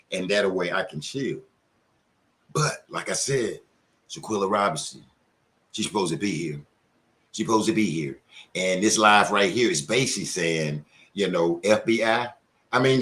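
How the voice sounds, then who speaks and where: Angry profane man ranting on a live show. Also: lowish voice. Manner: angry, profane, animated, mocking with put-on quotes. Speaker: commentary show host. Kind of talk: heated live commentary rant.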